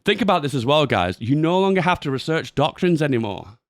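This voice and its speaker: A young man giving excitable, laughing commentary on a game update. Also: fairly high pitch, fairly quick, no echo, clean studio sound. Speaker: gaming YouTuber.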